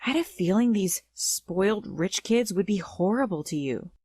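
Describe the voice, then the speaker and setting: A woman's voice: mid-range voice, lively intonation, normal speed, darkish tone, slightly rough, no echo, faint music behind. A woman voicing a bold protective big sister. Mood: earnest. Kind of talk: storytime narration.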